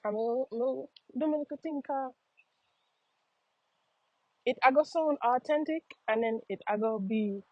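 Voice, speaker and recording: A woman's voice: high-pitched, a little slow, long pauses, no echo. A young American woman speaking with a Jamaican patois accent, chatting casually to her viewers and often repeating phrases. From United States. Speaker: vlogger. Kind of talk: casual monologue. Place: outdoors on a walk. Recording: slightly dull lo-fi audio.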